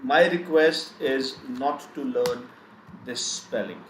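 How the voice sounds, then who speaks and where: A man teaching a live online German lesson, speaking slowly and repeating each word several times. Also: mid-range voice, fairly bright tone. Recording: echoey room, faint background noise.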